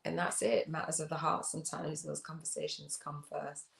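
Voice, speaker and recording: A woman's voice: deep voice, little pitch movement, moderate pace, creaky, fairly bright tone, echoey room. A woman hosting a casual livestream, rambling and reflective as she reads viewer comments, with many fillers and restarts. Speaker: host of a spiritual business channel.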